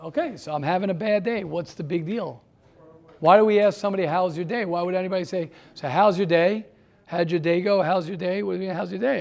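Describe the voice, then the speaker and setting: A man with a notably high voice leads a class discussion. He talks in a stream of rhetorical questions, repeating phrases as he presses his point. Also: quick pace, creaky. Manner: rhetorical questions, repeats himself, grows heated. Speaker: teacher. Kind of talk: classroom talk with students.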